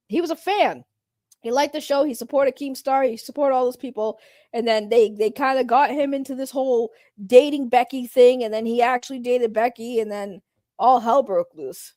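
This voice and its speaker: A woman's voice: fairly high pitch, normal speed, a little mellow, no echo. A woman streamer ranting in casual commentary, heated and profane, repeating her points.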